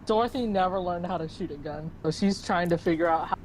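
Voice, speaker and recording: A woman's voice: fairly low pitch, fast, darkish tone, a little hiss or hum, low-quality recording. A woman playing in a tabletop game, asking questions and sounding unsure. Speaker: player.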